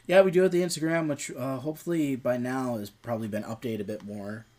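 A man's voice: mid-range voice, fairly even intonation, fast talker, a little mellow. A man from Minnesota co-hosting a film podcast in casual chat, rambling with many fillers. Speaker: podcast co-host.

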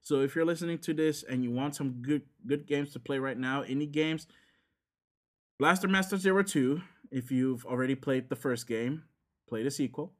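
A man's voice: mid-range voice, moderate pace. A man, chatting casually on a podcast and rambling with lots of fillers and restarts. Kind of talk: casual chat about games.

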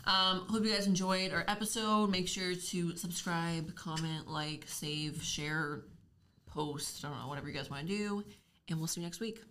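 Lower-voiced young woman cohosting casually. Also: fairly even intonation, normal speed, fairly bright tone, slight background noise. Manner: blunt, swears freely, tells stories with quoted voices. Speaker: podcast co-host. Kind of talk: casual chat.

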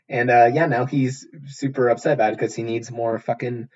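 A man co-hosting a casual movie-review podcast, sarcastic and quick to swear. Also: medium pitch, a little mellow, husky, lo-fi sound. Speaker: podcast co-host.

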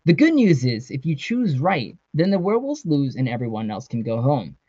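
A man's voice: mid-range voice, very animated, moderate pace, warm tone, husky, no echo. Brief: male reader as a detached unseen game master giving orders. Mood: commanding. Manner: announcing orders. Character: unseen game master voice over a speaker, commanding and cold. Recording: dry, slightly dull sound.

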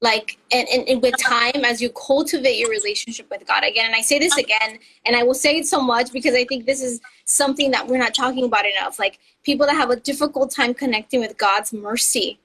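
A woman's voice: on the high side, brisk, hardly any pauses, a bit bright, slightly rough, rough recording. A woman co-hosting a casual faith podcast, earnest and encouraging, laughing often. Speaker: podcast co-host.

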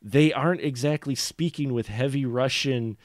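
A man's voice: mid-range voice, normal speed, dry recording, studio quality. A man from the upper Midwest co-hosting a podcast, rambling and laughing as he talks about films. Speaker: podcast co-host. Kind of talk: casual film discussion.

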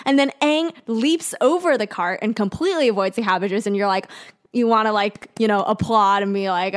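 A woman's voice: mid-range voice, a little fast. A young woman co-hosting a podcast, chatting casually as she recaps an episode scene by scene. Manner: chatty, acts out quoted lines with giggles. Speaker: podcast co-host.

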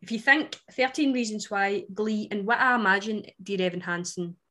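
Woman, Scottish accent, podcast co-host, casual wry chat, medium pitch. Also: normal speed. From Scotland. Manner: chatty, wry and animated.

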